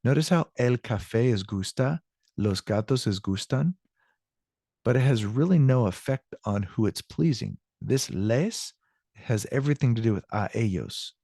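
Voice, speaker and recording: A man's voice: medium pitch, lively intonation, moderate pace, vocal fry, warm tone, dry recording, studio quality. A male Spanish teacher walking students through grammar, patiently repeating example sentences and checking in with the class.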